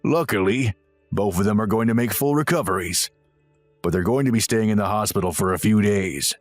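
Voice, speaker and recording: A man's voice: on the low side, a little fast, no echo, faint music behind, lightly acted. A man voicing a stern, disapproving older father who rebukes firmly in a dramatized text-message story.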